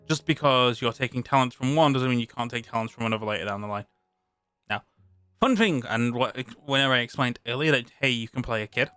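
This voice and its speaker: British guy on a live stream going through a rpg rulebook, bright clear voice, dry mic, bit of music under it. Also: medium pitch, dry recording. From Britain. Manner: reads aloud then chats, with restarts. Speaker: streamer reading a tabletop rulebook.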